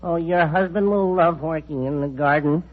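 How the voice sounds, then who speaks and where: A man's voice: a little high, moderate pace, natural voice. An actor playing an overly cheerful, hearty male mailman in a 1940s radio comedy, gushing with exuberance. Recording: dull old radio recording with studio audience.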